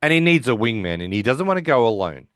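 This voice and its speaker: A man's voice: mid-range voice, sing-song, quick pace, fairly bright tone, dry recording, clean studio sound. A man co-hosting a podcast, casually recapping an episode by quoting the characters' lines, with lots of restarts. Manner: rambling, with frequent restarts. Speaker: podcast co-host.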